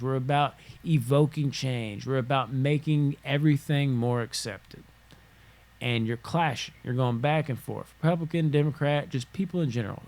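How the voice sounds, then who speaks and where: A man's voice: medium pitch, darkish tone. Rambling, profane male podcast host. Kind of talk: casual solo podcast monologue. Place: home room.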